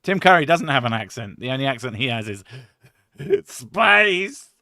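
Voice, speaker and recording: A man's voice: mid-range voice, expressive, fast talker, bright, forceful tone, no room sound, studio quality. A man hosting a stream, rambling and swearing, laughing often in casual chat. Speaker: streamer host.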